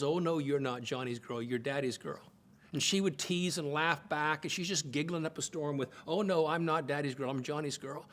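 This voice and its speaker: Older american guy giving a talk on marriage, storytelling, voice jumps up when he quotes people. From United States. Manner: expressive, acts out quotes with swings in pitch and loudness; repeats words when starting phrases. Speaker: speaker teaching on marriage. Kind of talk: sermon-style talk with storytelling.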